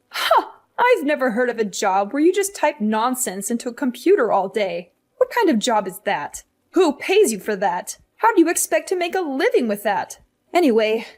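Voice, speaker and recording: A woman's voice: on the high side, very animated, normal speed. A woman voicing a demanding, guilt-tripping older mother in a hospital bed, in a scripted story drama, with a scolding, condescending manner. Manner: scolding, condescending, self-pitying.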